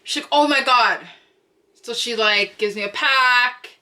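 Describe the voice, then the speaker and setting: A young woman vlogging a storytime straight to camera from her room at home. Her voice is bright and a bit high, and her delivery is chatty and slangy. She repeats lines for emphasis and bursts into loud cries when acting out quotes. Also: measured pace. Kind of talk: storytime vlog.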